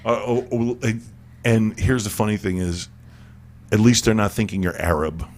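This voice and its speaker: A man hosts an internet radio chat in a lowish voice. He jokes and laughs a lot and stumbles over his words, repeating them as he talks. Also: fairly even intonation, moderate pace, darkish tone. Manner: joking, stammering, repeats words, laughs often. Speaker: radio show host. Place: studio.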